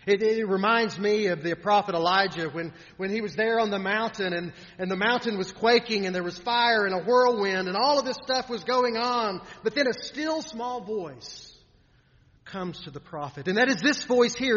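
A man preaching a sermon in an earnest way, often repeating words and trailing off softly at the ends of lines. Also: high-pitched, normal speed. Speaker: pastor. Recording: dull sound in a reverberant hall.

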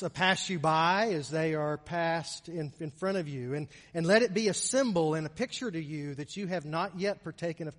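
A man preaching a communion sermon in a church, often repeating words and swinging from loud to soft. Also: on the high side, big-room sound. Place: church sanctuary.

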